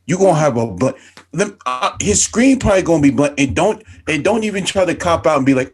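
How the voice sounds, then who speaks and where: Guy cohost just rambling in slang, raspy voice, real lively up and down. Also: fairly high pitch, fairly quick. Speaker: podcast co-host. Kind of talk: casual chat.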